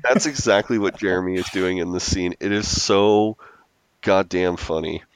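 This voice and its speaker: Low-voiced man chatting on a podcast. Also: moderate pace, low-quality recording. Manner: laughs often, animated when retelling scenes. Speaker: podcast co-host. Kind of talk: casual chat recapping a TV episode.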